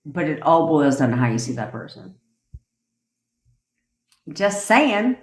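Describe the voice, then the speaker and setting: A woman coaching on a livestream in a casual rant, blunt and profane, with quick laughing asides. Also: low voice, very animated. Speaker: manifestation coach. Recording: echoey room.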